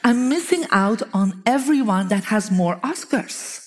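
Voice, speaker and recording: Woman telling lively stories. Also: medium pitch, a little slow. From Belgium. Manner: lively anecdotal telling, often laughing, acting out quoted dialogue. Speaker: feng shui teacher. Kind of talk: storytelling talk to an audience.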